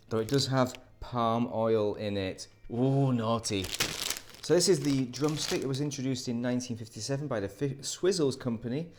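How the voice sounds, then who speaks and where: A man's voice: mid-range voice, a little mellow. Dry-witted man reviewing sweets. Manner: dry, sardonic asides; rambling, self-interrupting. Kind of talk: casual review vlog.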